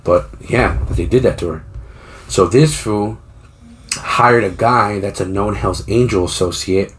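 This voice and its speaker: A man's voice: on the low side, a little slow, fairly bright tone. A man co-hosting a podcast, retelling a story in a loose, rambling, profane way with frequent restarts. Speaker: podcast co-host. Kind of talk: casual storytelling chat.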